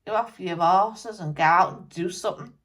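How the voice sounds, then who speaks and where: A woman's voice: fairly low pitch, moderate pace, a bit bright. A woman channelling the spirit of a blunt, angry male rock musician, scolding and swearing at listeners. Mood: ranting.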